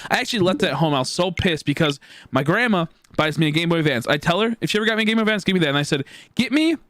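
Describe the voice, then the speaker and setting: A man's voice: on the high side, expressive, rapid-fire, a bit bright, dry recording, studio quality. A man in his twenties telling a long story while streaming, rambling with many fillers and swearing. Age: 20s. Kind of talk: casual storytelling.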